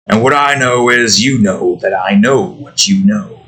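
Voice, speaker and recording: A man's voice: on the low side, unhurried, hardly any pauses, fairly bright tone. A tired man rambling and grumbling to himself in casual commentary while he builds a game. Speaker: game developer vlogger.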